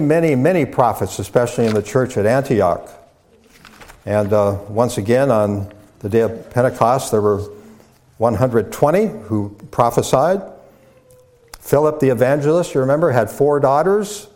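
A man, a pastor, delivering a teaching sermon in a measured way, with fillers and repeated words as he builds his points. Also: mid-range voice, a little mellow. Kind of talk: sermon lecture.

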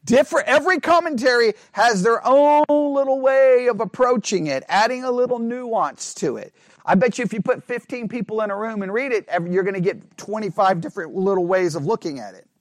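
A man's voice: extremely high pitch, a little fast, no echo. A man leading a Bible study in a conversational way, thinking aloud, restarting his words and checking in with the group.

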